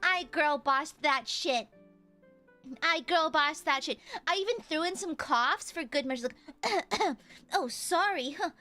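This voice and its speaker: Very high, bright-voiced giggly woman streamer. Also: takes it slowly, soft background music. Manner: bubbly, giggly, swears casually. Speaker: livestreamer. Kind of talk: casual chat reading donations.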